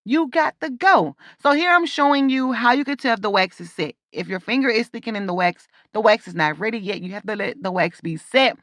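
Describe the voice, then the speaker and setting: A woman with a fairly high voice talks through a waxing session as voice-over commentary. She is chatty and emphatic, drifting into rambling asides. The sound is dry and close, with no room echo. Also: lively intonation, fairly quick, few pauses, a bit bright. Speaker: waxing esthetician.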